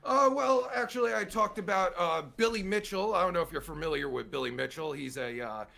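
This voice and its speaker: A man's voice: high-pitched, a little fast, gravelly, sharp tone. A man reacting to a recording of his own interview, swearing heavily and ranting in exasperation. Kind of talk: angry reaction commentary.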